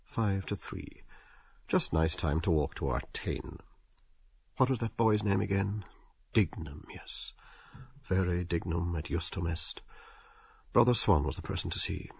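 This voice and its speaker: A man narrating a literary audiobook in a measured, wry and expressive storytelling manner. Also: low-pitched, creaky, breathy edge, no echo, dull audio.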